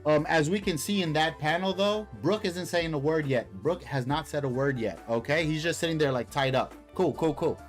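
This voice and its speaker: A man's voice: a little high, normal speed, hardly any pauses, soft background music. A man hosting a casual live stream, reading a comic aloud and commenting in a slangy, hyped, rambling way. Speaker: streamer, host.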